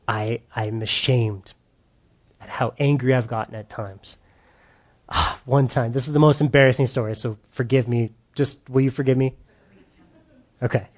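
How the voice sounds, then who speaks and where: A middle-aged man with a mid-range voice leads a humorous church parenting seminar before a live audience. He speaks at a moderate pace with long pauses, an animated storyteller who loudly acts out his own outbursts.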